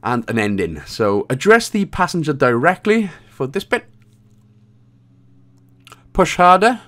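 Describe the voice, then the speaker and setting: A man's voice: on the high side, very animated, measured pace, pauses often, pushed and bright. A man giving casual, jokey walkthrough commentary on a game, now and then reading out lines in put-on voices. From Wales. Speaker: game guide creator.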